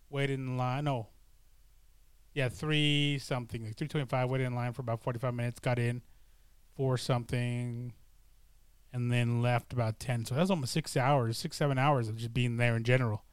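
A man's voice: mid-range voice, little pitch movement, normal speed, clear, resonant tone, no room sound. A middle-aged man chatting casually to camera, rambling and hesitant, with many fillers and restarts. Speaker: vlogger. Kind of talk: casual chat.

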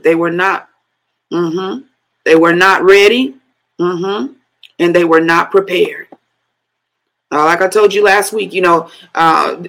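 A woman's voice: mid-range voice, gravelly, a bit bright, low-quality recording. A middle-aged woman preaching a sermon, breaking into speaking in tongues and laughing between phrases.

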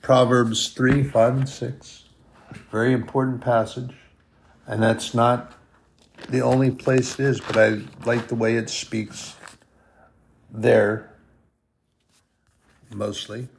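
Gravelly low guy preaching real slow, drawn out emphatic lines. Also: flat delivery, a little hiss or hum. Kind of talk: sermon.

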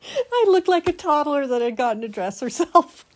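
A woman's voice: high-pitched, big pitch swings, normal speed. A tired, stressed woman from Oregon telling a rambling, self-mocking story to her viewers, breaking into laughter often.

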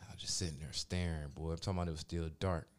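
Profane low-voiced man telling a story. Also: racing, slight background noise. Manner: profane, animated, acts out quoted voices. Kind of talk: casual storytelling chat.

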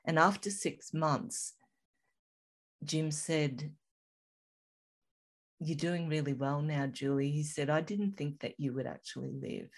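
A woman with a low, unhurried voice tells a personal story as an interview guest. She speaks softly and reflectively, letting her sentences trail and pause. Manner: slow, reflective, soft-spoken storytelling.

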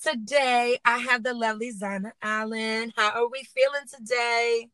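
Bright, high-voiced chatty woman host. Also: moderate pace, clean tone, no room sound, low-quality recording. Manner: lively and chatty, laughs often, slangy. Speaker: podcast host and baker. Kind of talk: casual podcast interview.

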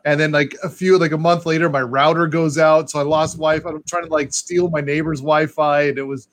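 Casual male host, a touch high-pitched, rambling and laughing. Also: steady tone, fairly quick. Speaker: podcast host. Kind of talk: casual chat.

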